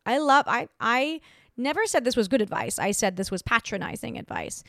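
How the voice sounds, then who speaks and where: A woman's voice: on the high side, expressive, moderate pace, fairly bright tone, dry recording, clean studio sound. A young woman hosting a podcast, giving blunt, sassy relationship advice in a casual, playful chat. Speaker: podcast host.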